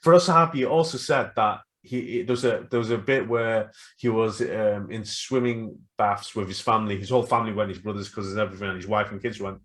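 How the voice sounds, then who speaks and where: A man co-hosting a casual podcast, retelling stories with lively acted-out quotes. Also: on the low side, brisk, few pauses. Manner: animated storytelling, acts out quotes. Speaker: podcast co-host. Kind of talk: casual chat.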